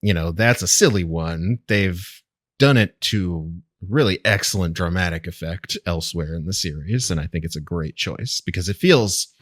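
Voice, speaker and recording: Man, very low voice, dry close sound, casual podcast co-host, amused and chatty. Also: moderate pace, no room sound.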